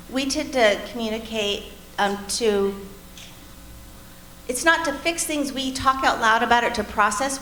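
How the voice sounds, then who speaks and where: A woman's voice: a little high, fairly bright tone. A middle-aged woman co-teaching a church marriage class, telling personal stories candidly and speaking straight to the group. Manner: candid, storytelling, addresses the class directly. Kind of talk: earnest personal teaching talk. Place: church meeting room. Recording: echoey room with faint noise.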